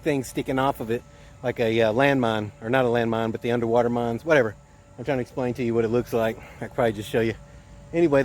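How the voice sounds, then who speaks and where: A man's voice: mid-range voice, a little mellow, slight background noise. A middle-aged man, a mobile welder telling rambling stories in a casual vlog, recorded outdoors at a work site. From Tennessee. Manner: rambling, laid-back, laughs at his own stories.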